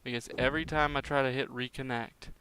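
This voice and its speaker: A man's voice: medium pitch, steady tone, quick pace, sharp tone, slight background noise. A young man giving casual, rambling commentary as he plays a game, often sounding exasperated. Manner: rambling, exasperated, chatty asides. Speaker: gaming YouTuber.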